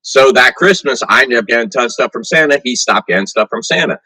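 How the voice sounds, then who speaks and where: Bright-voiced, easygoing writer man. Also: medium pitch, husky, no echo, poor audio. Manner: relaxed, halting storyteller. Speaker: head writer and co-host. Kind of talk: casual comedy radio chat.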